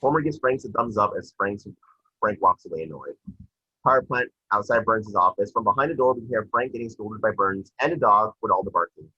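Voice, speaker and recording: A man reading stage directions in a plain, brisk way. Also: fairly low pitch, sharp tone, breathy edge, dull audio. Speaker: scene description reader.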